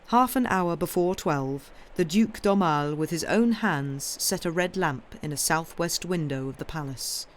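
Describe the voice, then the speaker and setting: A woman reading a classic short story aloud in a clear, measured storytelling manner on a live stream. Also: low voice, a little hiss or hum. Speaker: story reader.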